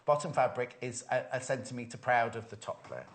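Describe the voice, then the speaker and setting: A man's voice: mid-range voice, brisk. A man presenting a live sewing show on television, chatty and teasing, reading out viewer messages between bits of banter. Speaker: shopping channel presenter. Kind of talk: live studio chat with sewing demo. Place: TV studio.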